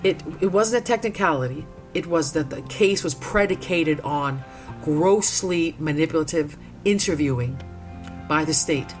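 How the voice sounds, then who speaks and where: 60s woman, kinda low voice, telling her story earnest n emphatic, soft music under it. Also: normal speed. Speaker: interviewee. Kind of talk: personal testimony in conversation.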